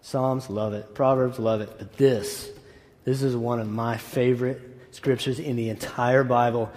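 A man's voice: mid-range voice, fairly even intonation, unhurried, a little mellow. Conversational man preaching in a hall. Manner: conversational, enthusiastic preaching with asides. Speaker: pastor. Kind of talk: sermon. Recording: echoey hall.

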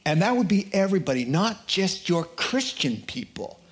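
A man preaching a sermon, telling a joke and acting out the characters in quotes with an animated delivery. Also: high voice, moderate pace.

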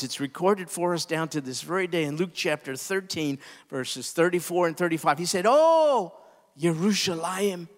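A man delivers a passionate sermon in a high, animated voice that swings widely in pitch. He climbs to emphatic peaks, then falls away low and soft. His words ring out with a long reverb, as if spoken in a large hall. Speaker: pastor.

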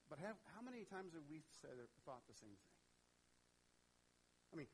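A man preaching a sermon in an animated, conversational way, talking straight to his congregation. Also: high-pitched, brisk, long pauses, husky, rough recording. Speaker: pastor.

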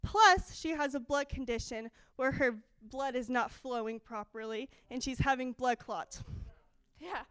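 High-pitched young woman sharing a testimony. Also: measured pace, clear, resonant tone, dry recording. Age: young adult. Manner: excited, animated storytelling with quoted dialogue. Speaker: church speaker. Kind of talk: testimony in a church service.

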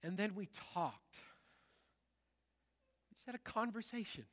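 A middle-aged man, a pastor, preaching a sermon in a large church, telling stories in a lively, conversational way. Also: sits high, unhurried, long reverb tail. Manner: conversational storytelling, lively and animated.

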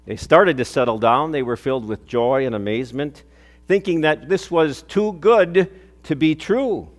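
An older man preaching in a church, his voice a touch higher than most men's. He tells stories earnestly, swelling with emphasis and then falling quiet on key phrases. A long reverb trails each line through the hall. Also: moderate pace. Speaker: pastor. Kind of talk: sermon.

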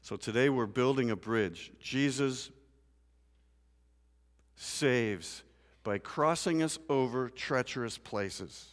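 A man preaching a sermon in a church, moving from quiet scripture reading to loud, rising emphasis. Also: medium pitch. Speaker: pastor. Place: church sanctuary. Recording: long church reverb.

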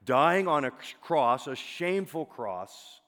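A man preaching a sermon as pastor, emphatic, often dropping to a soft, drawn-out single word for weight. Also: fairly high pitch, very animated. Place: church sanctuary. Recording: long hall reverb.

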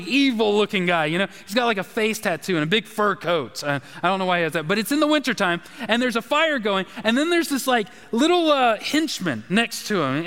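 A man preaching a sermon as a pastor, chatty and animated, asking the congregation questions. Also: sits high. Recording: long hall reverb.

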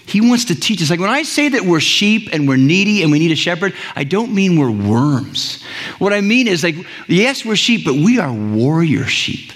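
Male pastor, slightly high voice, earnest conversational sermon, long hall reverb. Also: sing-song, normal speed, a bit bright. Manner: earnest, conversational preaching with many restarts.

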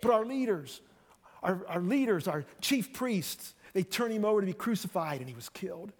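A man preaching a sermon as pastor, conversational and animated, acting out voices as he retells the story. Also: high voice, normal speed. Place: church sanctuary. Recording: long reverb of a church hall.

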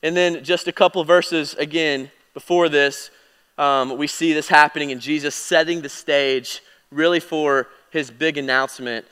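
A man delivers a Bible teaching with a bright, smooth, resonant voice, slightly higher than most men. He talks casually, correcting himself as he goes, then grows emphatic on key points. The sound carries a long hall-like reverb. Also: steady tone, normal speed. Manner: conversational, with fillers and self-corrections; emphatic, swinging louder and quieter. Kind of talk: sermon teaching.

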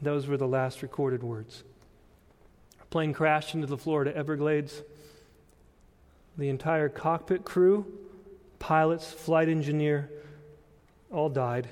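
A man preaching a sermon as pastor, telling a story deliberately and pressing his point with earnest emphasis. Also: fairly high pitch, fairly even intonation, a little mellow. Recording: long church-hall reverb.

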